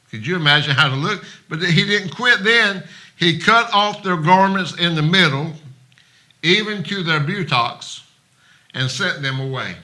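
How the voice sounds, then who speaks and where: Bright-voiced preacher. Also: male voice, a little high. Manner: folksy, acts out quoted voices, plain-spoken. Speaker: pastor. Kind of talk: sermon. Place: church.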